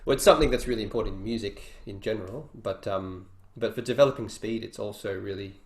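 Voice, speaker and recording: Speaking at a quick pace in a lowish voice, this guitar teacher runs an online workshop, talking casually and musing aloud between demos. The sound carries a roomy echo with a bit of guitar in the background.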